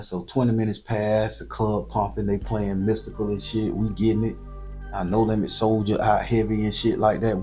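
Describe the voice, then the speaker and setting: Gravelly low-voiced Southern man telling a story. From southern Florida. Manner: loose, profane and animated, with slangy repetition. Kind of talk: casual profane storytelling.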